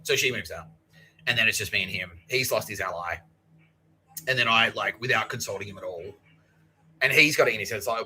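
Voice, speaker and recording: A man's voice: fairly low pitch, fairly quick, long pauses, bright, forceful tone, slight background noise, poor audio. A man in his thirties, a podcast host telling a rambling, profane story and acting out the other people's lines. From Australia. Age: 30s. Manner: profane, acts out others' lines, laughs often. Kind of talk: rambling monologue.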